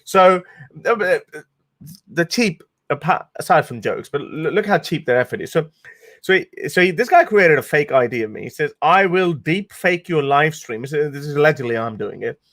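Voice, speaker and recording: A man's voice: on the high side, lively intonation, brisk, a bit bright. A man hosting a livestream, talking casually in an amused, sarcastic way with frequent laughs and restarts. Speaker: host.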